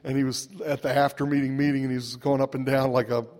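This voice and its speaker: A man speaks at a recovery gathering in a wry, conversational way, chuckling through his story and tossing in little asides. His voice sits in an ordinary middle pitch. It rings out with the long reverb of a large hall, as heard through a PA microphone. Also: little pitch movement, fast, darkish tone. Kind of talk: humorous personal storytelling talk.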